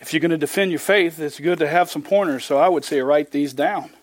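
High-voiced emphatic preacher man. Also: brisk, dry recording. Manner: emphatic, reads scripture aloud with rising force; folksy, plainspoken asides. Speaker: pastor. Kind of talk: expository sermon.

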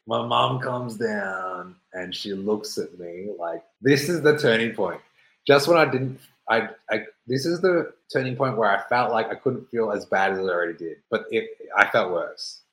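A man from Melbourne in his thirties, telling a rambling personal story with lots of swearing and acted-out quotes. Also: fairly low pitch. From Melbourne, Australia. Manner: rambling, animated, swears freely, acts out quotes. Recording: roomy echo.

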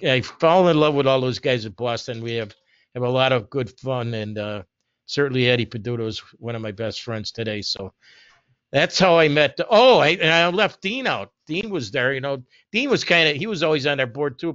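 A man spins long, rambling stories from the old days, acting out what others said and doubling back on himself. His voice sits at an ordinary pitch, close and dry in a small space. The recording is dull and lo-fi. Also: a bit bright, no echo. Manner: rambling anecdotes with many restarts and reported speech. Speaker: storyteller in a group conversation. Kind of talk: casual reminiscing.

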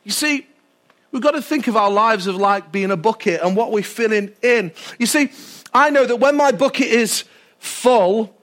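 Very high-voiced preacher. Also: male voice, moderate pace. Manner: animated, asks the congregation questions. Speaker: pastor. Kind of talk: sermon.

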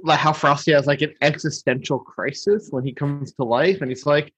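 A man's voice: a little high, fairly even intonation, normal speed, a bit bright, breathy edge. A man co-hosting a podcast, chatting casually and enthusiastically about holiday cartoons. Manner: enthusiastic, giggly. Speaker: podcast co-host. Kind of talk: casual chat.

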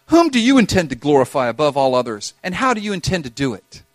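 High-voiced impassioned male preacher. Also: very animated, fast, no room sound. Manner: impassioned, swings between loud urging and hushed intensity. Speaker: pastor. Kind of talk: sermon.

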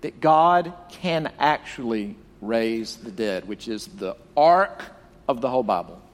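A man's voice: mid-range voice, animated, slow pace, big-room sound. A male pastor preaching a sermon, retelling a story dramatically and acting out the quoted voices.

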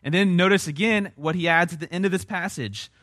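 A man's voice: sits high, brisk, a bit bright, dry recording, clean studio sound. A man preaching a sermon as a pastor, earnest and emphatic, with repeated phrases and rhetorical questions.

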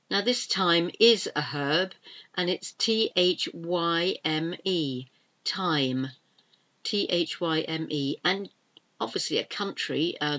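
A woman's voice: low-pitched, fairly bright tone, muffled recording. A woman teaching an English pronunciation lesson, saying each word twice and spelling it out letter by letter. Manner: spells words out letter by letter and repeats them.

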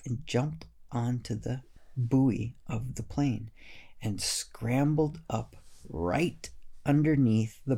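A male storyteller reading a children's tale in a gentle, unhurried way. His voice is gravelly and husky, and he takes his time over each line. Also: mid-range voice. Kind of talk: storybook narration.

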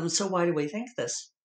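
A man hosting a solo podcast rambles tearfully in a chatty monologue, his high, gravelly voice pushed, bright, and expressive at a slow pace. He's emotional, fills his talk with fillers and restarts, and the room around him echoes.

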